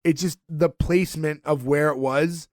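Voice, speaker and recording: A man's voice: fairly high pitch, fairly even intonation, moderate pace, no echo, clean studio sound. A man co-hosting a podcast, casually recapping a TV episode with lots of fillers. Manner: conversational recapping with frequent fillers and laughs.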